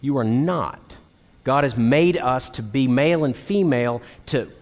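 A middle-aged man from Texas, preaching to men in an animated storytelling way, acting out quotes. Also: mid-range voice, unhurried. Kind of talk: sermon to men. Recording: long hall reverb.

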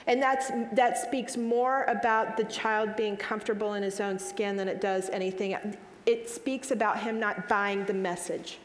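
A woman's voice: mid-range voice, fairly even intonation, normal speed, slight background noise. A woman in her forties answering audience questions at a live talk, earnest and emphatic, often repeating and restarting her phrases. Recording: echoey hall with long reverb.

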